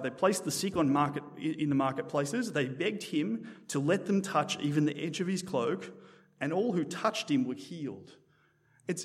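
A man preaching a sermon in a church in a conversational, animated way, often restarting his sentences. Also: on the high side, in a large hall. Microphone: microphone.

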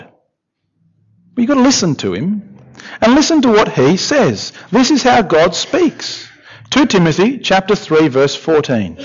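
A man preaching a sermon, expressive, with questions and repeated emphatic lines. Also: high-pitched. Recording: dull lo-fi recording.

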